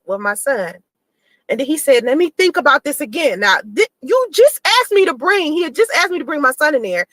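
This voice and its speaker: A woman telling a personal story to her viewers in a casual vlog, animated and acting out the exchanges she describes. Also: high-pitched, dry recording, low-quality recording. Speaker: mother telling her own story to camera.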